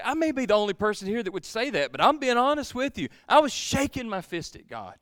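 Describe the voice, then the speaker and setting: A male pastor preaching a sermon, swinging from loud pleading to hushed, almost whispered lines. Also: extremely high pitch, very animated, a little fast, few pauses, no room sound, studio quality.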